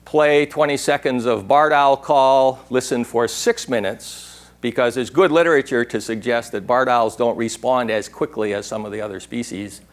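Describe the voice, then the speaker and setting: A man's voice: medium pitch, normal speed, hardly any pauses. Older man giving a rambling talk. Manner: rambling, digressive, imitates owl calls. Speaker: workshop speaker. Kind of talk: conference talk.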